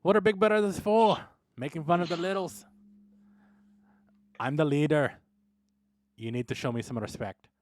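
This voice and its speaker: A man's voice: mid-range voice, moderate pace, no room sound, natural voice. A man voicing a boisterous, teasing dwarf big brother with a hearty, mocking manner.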